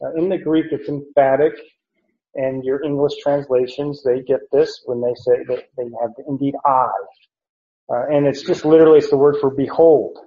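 A man teaching through a Bible passage verse by verse, explaining deliberately and pausing often to correct himself. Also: mid-range voice, fairly even intonation, dark tone. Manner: slow, deliberate explanation with frequent "uh" and self-corrections. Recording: roomy, dull lo-fi recording.

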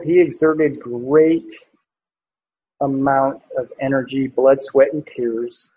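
A man's voice: on the high side, husky. A man preaching, teaching a passage verse by verse, with frequent fillers and restarts. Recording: dull lo-fi recording.

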